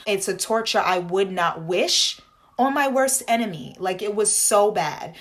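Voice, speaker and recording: A young woman vlogging casually, telling a story with lots of "like" fillers and slang, jumping into high dramatic voices when she quotes people. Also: a little slow. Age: young adult. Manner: animated, dramatic retelling with bursts of high acted quotes; frequent fillers like "like" and slangy asides.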